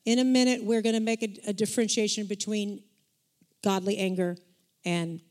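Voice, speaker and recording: A woman in a sermon, reading scripture slowly and deliberately, then explaining it. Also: mid-range voice, steady tone, a little mellow. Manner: slow, deliberate reading with measured pauses.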